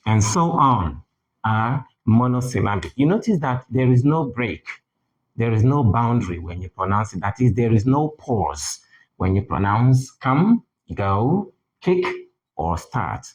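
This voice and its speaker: A man teaching English pronunciation in a deliberate manner, repeating key words for emphasis. English is not his first language. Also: medium pitch, big pitch swings, poor audio. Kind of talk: spoken lesson.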